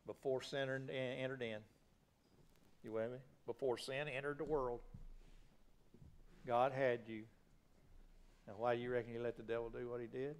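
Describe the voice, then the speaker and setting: A man's voice: medium pitch, little pitch movement, normal speed, pauses often. A male pastor preaching a sermon in a folksy, plain-spoken way, asking the congregation rhetorical questions.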